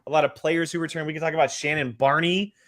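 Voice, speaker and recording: A man's voice: a little high, fairly even intonation, fast talker, a bit bright. A man co-hosting a podcast in casual chat, rambling through his points. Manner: rambling with fillers and restarts. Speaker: podcast co-host.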